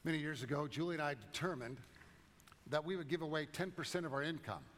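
A man preaching a sermon as pastor, in a conversational way with gentle humor, in a church sanctuary. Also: on the high side, quick pace, slight background noise. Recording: long reverb of a large church.

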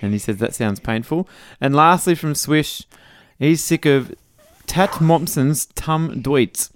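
A middle-aged Australian podcast co-host, speaking slowly in a slightly high voice, reads out listener messages and jokes in casual chat.

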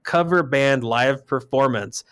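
A man from Arizona co-hosting a podcast, telling a story in casual chat with a profane, heated delivery that jumps to shouting. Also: mid-range voice, measured pace, clean tone. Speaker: podcast co-host.

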